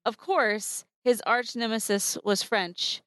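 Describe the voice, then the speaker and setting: A woman co-hosting a podcast chats casually about a movie in an underground parking garage, animatedly retelling the plot and acting out the characters' lines. Her voice is fairly high and her pace slow, and the recording is dry and studio quality.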